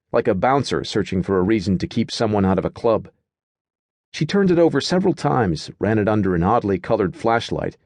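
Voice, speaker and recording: A male narrator with a lowish voice reads a fantasy audiobook in a steady, measured way. The recording is close and dry, with no room sound. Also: no echo. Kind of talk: scripted narration.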